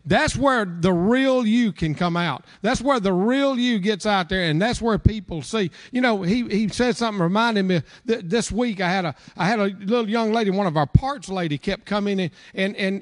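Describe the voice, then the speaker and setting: A man pastor giving informal closing remarks at a church service, talking in a rambling way full of stumbles and repeated words. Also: sits high.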